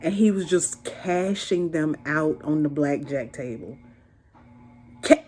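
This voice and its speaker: A young woman vlogger casually recounting a date in an animated, slangy way, laughing as she tells it. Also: deep voice, slow pace. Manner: animated, slangy, laughs while telling the story. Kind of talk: casual storytime chat.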